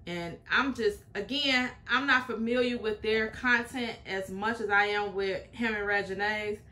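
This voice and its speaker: A woman talks through a reaction video in a casual, chatty way, stressing and restating each point. Her voice is bright and a little sharp, and her pitch sits in a middle range. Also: a little slow. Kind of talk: casual commentary.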